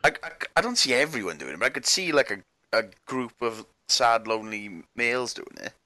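A man's voice: mid-range voice, expressive, fairly quick, sharp tone, no room sound. A man co-hosting a podcast, joking crudely and laughing in casual chat. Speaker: podcast co-host.

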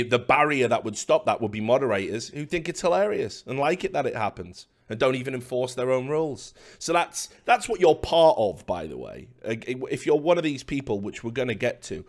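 A man hosting a commentary video, ranting in a sarcastic, profane and scornful way at his audience. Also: medium pitch.

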